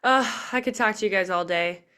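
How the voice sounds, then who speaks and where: A woman's voice: medium pitch, fairly quick, pushed and bright, smooth. A woman in her twenties hosting a live video call, speaking in an earnest, emotional way about faith and self-worth with many casual fillers. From Nebraska. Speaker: podcast host. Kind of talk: heartfelt motivational faith talk.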